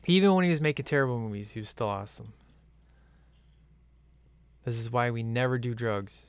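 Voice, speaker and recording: A man's voice: medium pitch, a little fast, clear, resonant tone, no room sound. A man in casual, rambling chat as he watches a film at home, laughing often. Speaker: movie commentary viewer.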